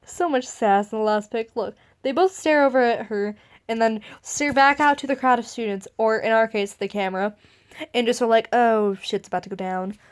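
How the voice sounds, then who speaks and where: A woman with a high-pitched voice reads fan memes aloud, cutting in with sarcastic asides. She laughs often and swears freely. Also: moderate pace, smooth.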